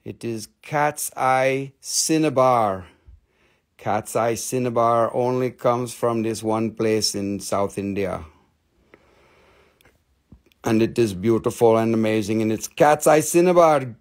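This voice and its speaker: Slow and mid-pitched, this male host runs a crystal and mineral live stream. He pitches his stones with meandering, jokey, cheekily crude banter.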